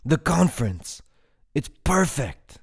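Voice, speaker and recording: A man voicing an awkward young man who bursts out loudly and eagerly, then turns sheepish. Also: expressive. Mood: excited. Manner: high, loud and rushed with enthusiasm.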